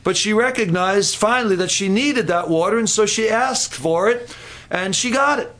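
A man's voice: high voice, normal speed, fairly bright tone. A man preaching a sermon, telling a Bible story with repeated words and quotes.

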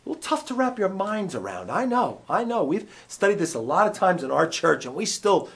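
Animated male preacher teaching. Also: high voice, a little fast, creaky. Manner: animated, conversational, asks the audience questions. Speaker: pastor teaching a Bible class. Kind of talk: teaching sermon.

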